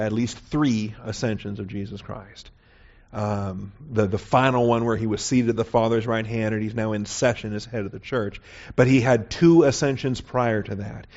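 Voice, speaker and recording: A man's voice: mid-range voice, darkish tone. A man teaching a verse-by-verse Bible lesson in a conversational way, often checking in with his listeners. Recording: dull, lo-fi recording.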